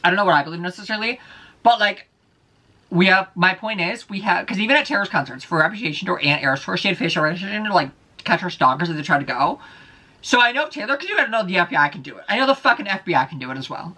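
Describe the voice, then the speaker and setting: A man's voice: high voice, pushed and bright. A man vlogging alone, ranting heatedly with heavy profanity and repeating his points. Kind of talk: casual solo vlog rant.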